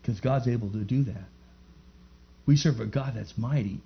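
A man's voice: medium pitch, normal speed, vocal fry. A man giving a fervent church testimony, telling his story and rising into emphatic praise before a live gathering. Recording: muffled lo-fi recording.

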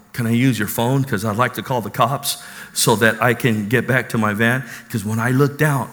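A man preaches fervently in a church hall, the recording echoing around him. His voice is mid-range and a bit bright as he tells his testimony and cries out hallelujah.

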